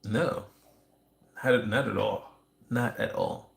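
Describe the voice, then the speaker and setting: A man's voice: lowish voice, takes it slowly, gravelly. A man hosting a livestream, talking in a rambling, conspiratorial monologue with restarts and wry asides. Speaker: livestream host. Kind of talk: casual ranting monologue. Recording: roomy echo.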